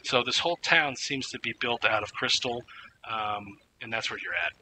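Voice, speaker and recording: A man narrating a tabletop game as game master, halting with many fillers and restarts. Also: mid-range voice, bright, forceful tone, a little hiss or hum, low-quality recording.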